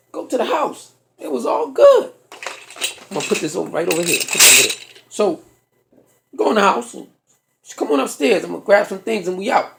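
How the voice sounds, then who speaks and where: A man's voice: sits high, vocal fry. A man telling a profane comic story on stage, acting out the people in it. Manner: profane, animated storytelling with acted-out voices. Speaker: stand-up comedian. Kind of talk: stand-up storytelling.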